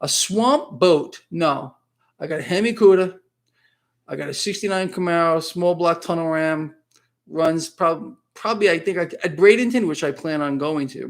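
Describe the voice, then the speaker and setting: A man's voice: on the high side, creaky. A man hosting a casual live stream, chatting in a rambling way and reading viewer comments aloud.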